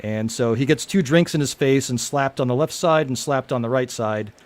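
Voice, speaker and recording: A man casually reading his own screenplay aloud to friends, halting and laughing, with many fillers. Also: mid-range voice.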